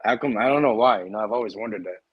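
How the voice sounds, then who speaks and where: A man's voice: lowish voice, very fast, dull audio, a crowd in the background. A man in a casual chat, musing aloud and swearing as he rambles.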